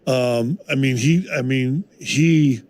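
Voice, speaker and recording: Halting older ex-basketball player on radio. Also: male voice, mid-range voice, darkish tone, dry recording. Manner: halting, lots of "I mean" and restarts. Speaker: former basketball player, co-host. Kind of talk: sports talk radio chat. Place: radio studio.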